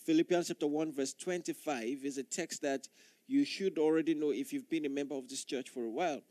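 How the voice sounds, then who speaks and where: A male pastor delivers an earnest sermon in a fairly high voice, pressing his points by repeating phrases. The sound is dry and close, with no room echo. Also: steady tone, a little fast, dark tone.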